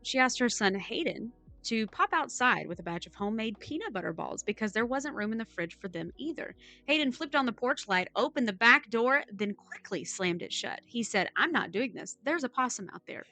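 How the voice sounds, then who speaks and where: Woman reading a news story out loud, bright sharp voice, wry side comments. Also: a little high, animated, fairly quick, no echo, soft background music. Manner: wry asides while reading. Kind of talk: casual chat, reading a news story aloud.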